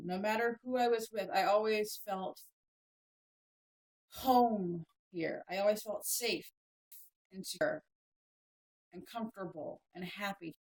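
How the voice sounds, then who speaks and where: A woman in her thirties, originally from Maryland, talking unhurriedly on a home livestream. Her pitch sits in an ordinary middle range. She speaks frankly, trailing off, restarting and correcting herself mid-sentence. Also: poor audio. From Maryland, USA. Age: 30s. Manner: switches to high excited baby talk for her pets. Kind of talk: casual livestream chat.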